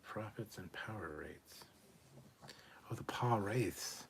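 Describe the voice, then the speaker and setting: A man's voice: on the low side, slow pace, vocal fry, noisy background. A man hosting a casual live stream, reading viewer questions aloud and answering them bluntly, with plenty of swearing and muttered asides.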